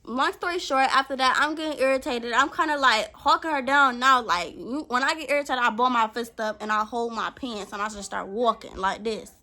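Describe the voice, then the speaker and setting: High, bright-voiced young woman telling a story. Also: brisk, hardly any pauses. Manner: animated, profane, acts out what she said. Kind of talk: casual storytime monologue.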